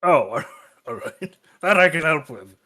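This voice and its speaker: A man playing a tabletop game, joking and offhand in casual play, with a husky voice. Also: a little high, big pitch swings, unhurried, a crowd in the background. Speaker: player.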